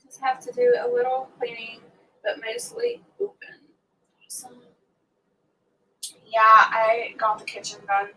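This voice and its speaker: A woman's voice: fairly high pitch, fairly even intonation, normal speed, pauses often, sharp tone. A woman hosting a casual morning chat from home, rambling through a story for her viewers. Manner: chatty, rambling storyteller who scolds her pets mid-sentence. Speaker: homesteading livestream host. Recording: distant mic with faint background hum.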